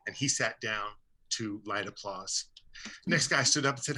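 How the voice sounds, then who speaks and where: A man's voice: lowish voice, normal speed, pushed and bright. A man on a radio interview, telling a story in a rambling way with many fillers and restarts. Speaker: guest. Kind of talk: conversational storytelling.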